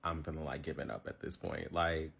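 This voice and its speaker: A man's voice: a bass voice, fairly even intonation, brisk, vocal fry, fairly bright tone, breathy edge. A man in his twenties ranting to his phone camera, frustrated and rambling, full of fillers. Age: 20s. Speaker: social media ranter. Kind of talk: casual rant to camera.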